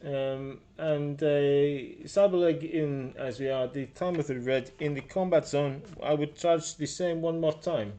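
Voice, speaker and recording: A man's voice: a little high, fairly even intonation, a little slow, hardly any pauses, warm tone, close to an everyday voice. A man voicing a shrewd female clinic doctor with a put-on Russian accent, speaking formally and haggling over prices. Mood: businesslike. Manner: formal, hesitant, businesslike upselling.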